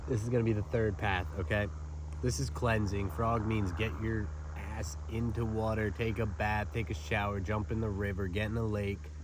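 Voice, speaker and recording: A man's voice: on the low side, level tone, moderate pace, background noise. A man giving a casual spiritual oracle card reading outdoors in a park, talking in a loose, rambling, chatty way.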